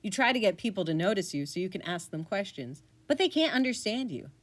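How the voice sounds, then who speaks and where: A woman narrates a whimsical second-person adventure story with a playful touch. Her pitch moves around lively and her delivery stays animated. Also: fairly quick. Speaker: podcast narrator.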